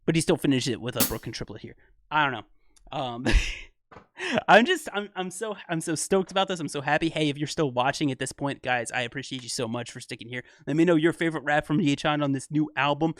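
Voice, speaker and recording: A young man talks through rap rhythms in an excitable, analytical way. He laughs often and corrects himself mid-sentence. His voice sits mid-pitch and sounds close and dry on the mic. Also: brisk, no room sound. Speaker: music reaction channel host. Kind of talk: casual rap breakdown commentary.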